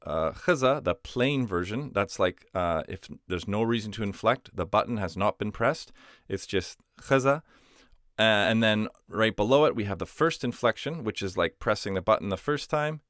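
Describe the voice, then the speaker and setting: A man's voice: on the low side, no room sound, studio quality. A man teaching a language lesson, explaining patiently with simple everyday comparisons. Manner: patient, uses simple analogies.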